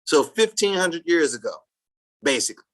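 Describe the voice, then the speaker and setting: Reading aloud to a class in a sing-song, mid-range voice, a Sabbath class teacher stops to comment on the text. They speak haltingly, restarting often and breaking into loud emphasis at times.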